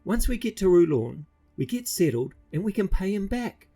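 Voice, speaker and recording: A man's voice: sits high, very animated, normal speed, creaky, dark tone, husky, faint music behind, voice pushed up, full character voice. A man voicing a young boy thief who argues heatedly with his companion.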